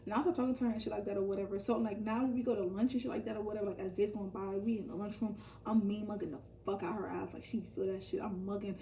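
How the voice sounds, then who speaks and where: A young woman telling a casual storytime vlog, animated and profane, talking straight to her viewers. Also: mid-range voice, rapid-fire, few pauses, recorded from a distance. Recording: voice from off the mic, faint ambient noise.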